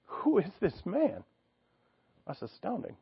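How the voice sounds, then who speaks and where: A man's voice: high voice, huge pitch swings, slow pace, gravelly, breathy edge, no echo, muffled recording. A man preaching an expository sermon, reading scripture aloud and explaining it in an earnest, teaching way, thinking aloud with restarts.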